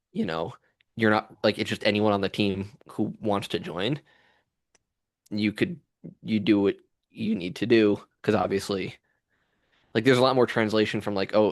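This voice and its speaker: A young man co-hosts a casual podcast, tossing out jokes and teasing his partner. His voice sits a little low. The recording is close and dry. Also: dry recording. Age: young adult. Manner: joking, teasing, quick with banter. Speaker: podcast co-host. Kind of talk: casual chat.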